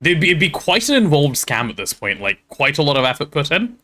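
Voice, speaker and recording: A man chatting casually while playing on a game stream, talking to his chat and thinking out loud. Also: fairly high pitch, big pitch swings, a little fast.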